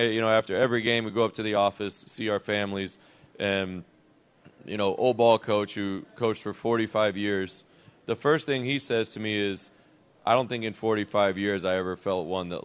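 A man with a low, smooth and resonant voice, talking as a head basketball coach on a call-in style show. He speaks in a relaxed, reflective and unscripted way. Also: moderate pace. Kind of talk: conversational coach's show interview.

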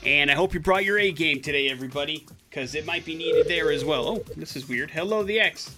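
A man co-hosting a morning radio show in casual banter. His voice is fairly high and sits bright and forward. He is chatty and quick to get excited, and a faint music bed plays behind him. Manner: chatty, excitable, many fillers.

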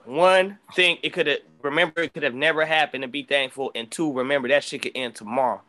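A middle-aged man from the Bay Area talks as a podcast guest, winding through a story with restarts and swearing. His voice sits high for a man. It has a bright, forward edge. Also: brisk. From San Francisco Bay Area. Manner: animated, profane storyteller, many restarts. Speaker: guest rapper. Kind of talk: casual storytelling chat.

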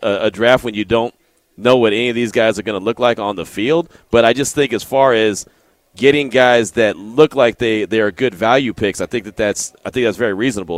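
A man's voice: mid-range voice, dry recording. A man hosting a sports talk radio show, chatting casually and reading out listener texts. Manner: relaxed, conversational, reads listener texts.

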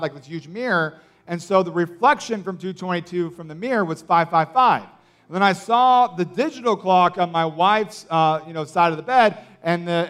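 A man's voice: high-pitched, fairly bright tone. A man preaching a sermon, telling a story in a casual, rambling way with lots of fillers.

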